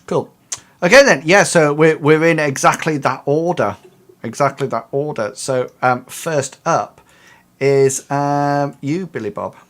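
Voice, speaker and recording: A man running a tabletop game as game master, talking in a halting way with many fillers and restarts. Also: on the high side.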